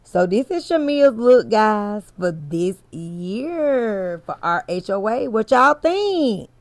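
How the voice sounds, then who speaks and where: Slow, candid chatty woman host. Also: medium pitch, big pitch swings, dry recording. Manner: candid, chatty, swears freely, addresses viewers directly. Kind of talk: casual commentary chat to viewers.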